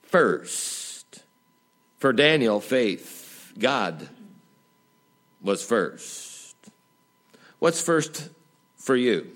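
A man preaching a sermon, talking conversationally and asking the congregation rhetorical questions, with folksy humor and emphatic rises that drop to quiet asides. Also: sing-song, very slow, pauses often. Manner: dynamic, swinging between emphatic highs and quiet drops. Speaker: pastor.

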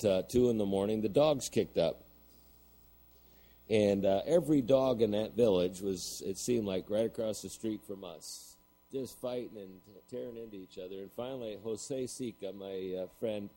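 A man's voice: lowish voice, moderate pace, mellow, poor audio. A middle-aged man preaching a sermon, telling a story and then building to emphatic points. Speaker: pastor.

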